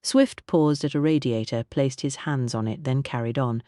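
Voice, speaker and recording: An audiobook narrator giving a measured, even scripted narration of a mystery novel. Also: mid-range voice, no room sound, studio quality.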